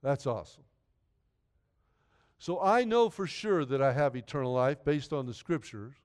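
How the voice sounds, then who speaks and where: A man's voice: medium pitch, lively intonation, normal speed, a little mellow, clean tone. A man preaching a sermon in an earnest, conversational way, often repeating himself. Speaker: pastor.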